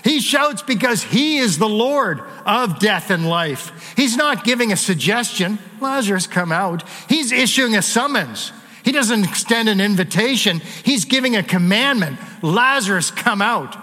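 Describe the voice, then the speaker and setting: A man preaching a sermon in a fairly high voice, his words ringing with long reverb through a church hall. He builds to emphatic points and slips in light jokes along the way. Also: animated, measured pace, sharp tone. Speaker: pastor.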